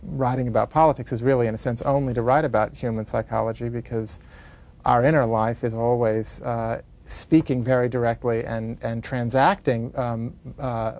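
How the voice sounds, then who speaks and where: A man, a playwright, speaking in an interview in a reflective, halting way, in long winding sentences. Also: mid-range voice, vocal fry, a little mellow. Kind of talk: interview conversation.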